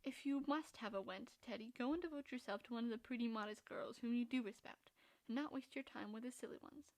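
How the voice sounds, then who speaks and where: A woman voicing a frank, spirited young woman who scolds in a brisk, reproving way. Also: sits high, fairly bright tone.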